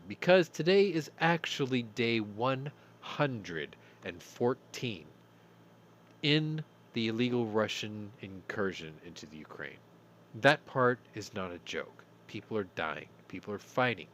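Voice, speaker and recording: A man's voice: fairly low pitch, a bit bright, slight background noise. A middle-aged man hosting a live-stream news talk show, casual and rambling, swearing freely. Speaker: host.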